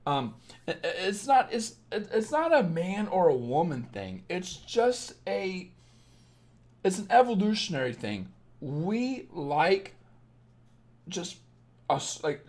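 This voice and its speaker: A man's voice: high-pitched, darkish tone. A young man with a Southern Illinois accent, a dating coach talking bluntly and profanely on a late-night livestream.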